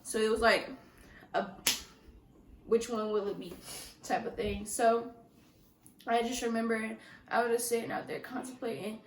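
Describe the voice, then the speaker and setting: A young woman telling a personal story on her vlog, speaking softly and emotionally with halting restarts. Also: a little high, little pitch movement, roomy sound, slight background noise, low-quality recording. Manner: soft-spoken, emotional, halting with many restarts. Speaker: vlogger.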